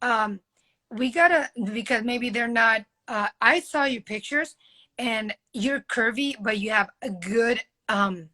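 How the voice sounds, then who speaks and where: Her voice is a little high with a sharp tone, and she speaks slowly. She's a woman in her thirties, a model and guest on a live video call, casually rambling about modeling while talking straight to the host.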